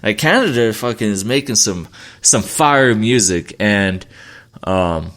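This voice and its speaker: A man's voice: on the low side, expressive, slow pace, a bit bright. A young man hosting his own podcast, talking casually on his own in a rambling, profane way with many restarts. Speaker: podcast host. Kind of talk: casual solo podcast chat.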